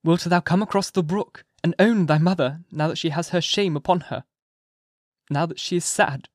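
A man's voice: on the high side, normal speed, dry recording, pitched above the performer's own voice, natural voice. An anxious young mother pleads and coaxes in a raised voice, as a male narrator acts her out. She sounds weary and burdened. The dry, close reading suits a classic novel audiobook. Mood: sad.

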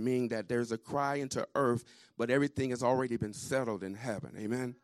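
A man preaching a sermon, reading scripture slowly and projecting strongly, stopping to ask the congregation "Amen?". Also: medium pitch, fairly even intonation, no echo, studio quality. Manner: slow, deliberate reading that builds to loud projected emphasis. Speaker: pastor.

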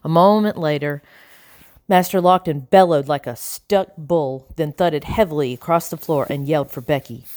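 A woman reading an audiobook in a measured, expressive narrating style. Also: low voice, no echo, studio quality. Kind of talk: scripted narration.

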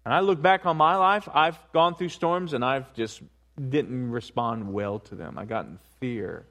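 A man preaching a sermon, swinging between hushed asides and rising, emphatic points, with frequent repetition. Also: mid-range voice, measured pace. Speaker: pastor.

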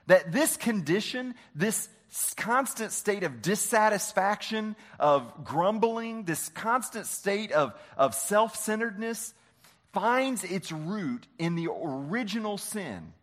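A man preaches a sermon in an animated way, his voice sitting a little high and rising and falling a lot. He keeps putting questions to his listeners and answering them himself. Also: takes it slowly. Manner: animated, asks the congregation questions. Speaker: pastor.

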